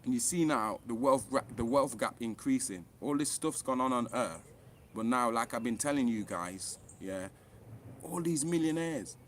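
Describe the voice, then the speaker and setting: A man speaking straight to camera in a heated, impassioned rant. His delivery is blunt and full of swearing, and his voice keeps rising sharply for emphasis. His pitch sits in an ordinary middle range for a man. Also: lively intonation, normal speed, slight background noise. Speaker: author and online commentator.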